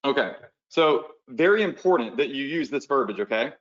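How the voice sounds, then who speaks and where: Male online coach, casual webinar walkthrough, ordinary pitch, somewhat muffled lo-fi sound. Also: animated, normal speed. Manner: casual, talks the viewers through steps while drawing on screen; conversational, uses "y'all" and "right?". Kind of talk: live webinar teaching. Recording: slightly dull lo-fi webinar audio.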